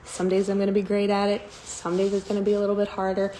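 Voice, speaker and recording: A woman talks through self-help steps in a loose, casual way. She swears freely, jokes in passing, and softens into gentle, soothing self-talk. Her pitch sits in an ordinary middle range, with a faint hum of ambience behind her. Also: monotone, fast talker, poor audio. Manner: candid and profane, with playful asides.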